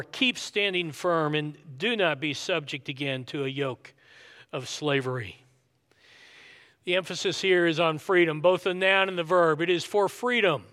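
Guy preaching a sermon, kinda high voice, earnest and emphatic. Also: a bit bright. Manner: earnest, emphatic preaching with repeated key phrases. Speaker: pastor.

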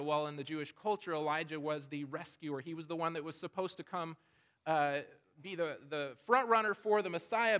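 Man preaching, earnest, slightly higher voice, restarts phrases. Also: a bit bright. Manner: earnest, repeats words when starting phrases. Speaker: pastor. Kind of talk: sermon.

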